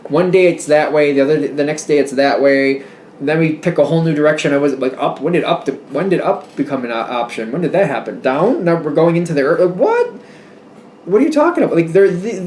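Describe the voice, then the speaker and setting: A man's voice: mid-range voice, reverberant, slight background noise. Rambling man doing a tarot reading. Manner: rambling, self-interrupting, animated asides. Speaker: tarot reader.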